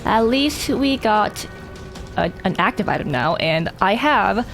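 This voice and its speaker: A woman's voice: mid-range voice, animated, a little slow, fairly bright tone, soft background music. A woman giving casual, rambling gameplay commentary, talking animatedly and swearing casually. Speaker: gameplay streamer.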